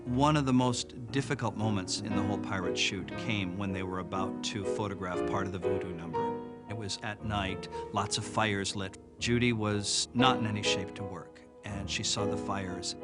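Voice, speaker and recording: Man, low-pitched, measured documentary explainer, clear music bed behind. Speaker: film historian interviewee. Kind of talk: documentary interview commentary. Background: music underneath.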